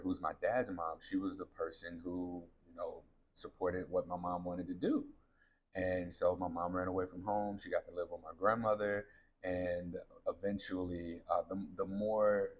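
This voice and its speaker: Man in his thirties, very low voice, candid storytelling, slightly dull lo-fi sound. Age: 30s. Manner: candid, conversational, addresses listeners as y'all. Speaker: podcast host. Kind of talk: personal storytelling.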